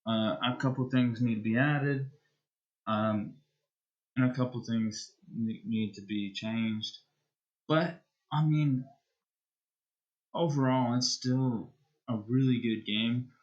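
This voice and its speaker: Winding down a live stream, a male streamer rambles casually and hesitantly, drawing out his words at an unhurried pace and repeatedly circling back to restart sentences. His voice is mid-range with a darkish tone, heard through a muffled, lo-fi recording.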